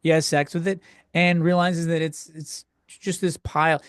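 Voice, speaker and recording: A young man rants crudely through his solo comedy podcast, fumbling and restarting as he gets worked up. His voice sits a bit high for a man. He is recorded close and dry at home. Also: level tone, moderate pace, smooth, no echo. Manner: crude, exasperated ranting with frequent self-interruptions. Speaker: podcast host.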